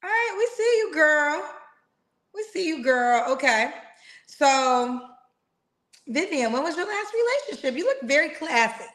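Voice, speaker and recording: A woman hosts a live singles dating stream over a video call, chatting playfully and tossing in slang like "girl" and "child." Her high-pitched, fairly bright voice swings widely in pitch while she keeps a measured pace.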